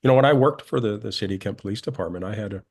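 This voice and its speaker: A man in his sixties, a retired police lieutenant, answering interview questions in a steady, earnest way. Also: lowish voice, racing.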